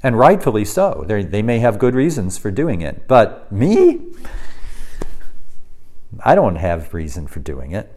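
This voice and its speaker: A man's voice: fairly low pitch, huge pitch swings, measured pace, long pauses, a little mellow. A man preaching a sermon, reading scripture and acting out the quoted lines with emphasis. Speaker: pastor.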